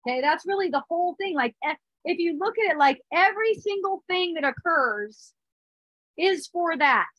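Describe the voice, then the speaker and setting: A woman's voice: very high-pitched, lively intonation, normal speed, no room sound, highs cut off. A woman in her thirties giving a spiritual talk, earnest, with small restarts and frequent check-ins. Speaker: spiritual teacher. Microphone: phone or device mic.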